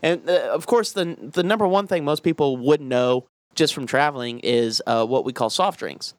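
A man's voice: medium pitch, normal speed, no echo. A man with a Southern US accent chatting casually on a podcast, telling stories with quoted voices and plenty of swearing. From American South. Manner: profane, animated storytelling with quoted voices.

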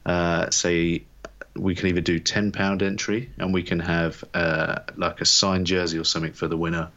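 A man from England co-hosting a sports podcast, chatting in a relaxed, rambling way with lots of fillers. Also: sits low, moderate pace, dull audio. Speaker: podcast co-host. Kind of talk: casual chat.

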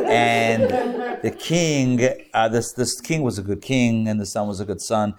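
A man's voice: on the low side, darkish tone. A rabbi, a man, teaching a live class to a group and telling a story with playful asides and jokes. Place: classroom with audience.

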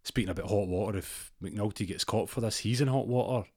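A Scottish man telling a rambling comic story with deadpan asides. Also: fairly low pitch, brisk, no room sound, studio quality.

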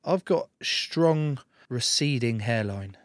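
A man's voice: mid-range voice, animated, slow pace, no echo, studio quality. An English man from England, an interview guest in casual chat, telling stories in a laid-back, joking way with some swearing.

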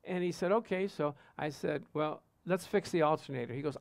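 Male pastor, high voice, dry close sound, lively preaching with stories and amens. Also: brisk, vocal fry, no echo. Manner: animated storytelling, asks congregation "Amen?". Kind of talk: sermon with personal stories.

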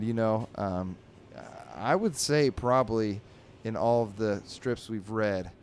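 A man with a fairly low voice hosts a comedic read-through of the comic strips. He rambles wryly, restarting sentences and filling gaps with ums. A faint hiss runs under the recording. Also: darkish tone. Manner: rambling, wry, full of fillers and restarts. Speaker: host.

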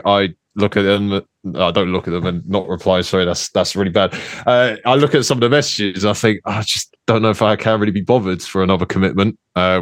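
A young man in casual podcast chat with a low voice. He hesitates, restarts, and pokes fun at himself. The recording is dry and close. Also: no room sound. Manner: self-deprecating, hesitant, many restarts. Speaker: podcast co-host.

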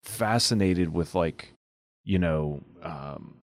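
A man's voice: low-pitched, slow pace, no room sound. A man co-hosting a casual faith podcast, chatty and affirming, thinking aloud with frequent restarts. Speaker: podcast co-host.

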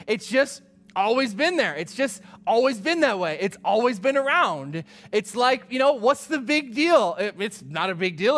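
A man preaching a sermon as pastor, telling stories and acting out conversations, often checking in with "right?" and "you know". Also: very high-pitched. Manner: animated storytelling, acting out dialogue, fillers like "right?" and "you know".

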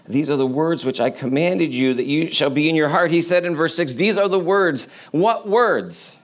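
A man's voice: fairly high pitch, fairly quick. A man preaching a sermon in a conversational way, asking the congregation rhetorical questions. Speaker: pastor.

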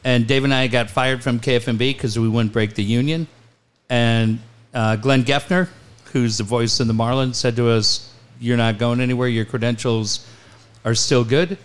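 Man, sports radio host, casual storytelling, animated, profane, laughing. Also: mid-range voice, moderate pace, clean tone.

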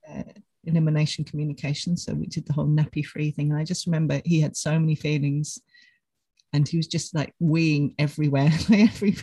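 A woman hosting a podcast, reminiscing and offering encouragement in a relaxed conversational way. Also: low-pitched, breathy edge, dry recording, low-quality recording. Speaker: podcast host. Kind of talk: casual conversational interview.

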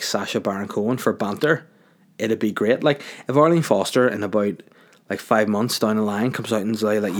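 A man's voice: mid-range voice, a little mellow. A man with a Northern Irish accent hosting a podcast, talking in a casual solo monologue that rambles, rants and keeps interrupting itself. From Northern Ireland. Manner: rambling, ranting, self-interrupting. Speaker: podcast host.

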